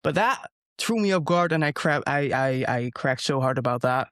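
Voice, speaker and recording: A man's voice: mid-range voice, lively intonation, normal speed, fairly bright tone, no room sound, clean studio sound. A man from the Netherlands, a guest streamer, telling a story in a rambling way with many hesitations over a video call. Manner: rambling, many ums and uhs. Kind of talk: casual video-call chat.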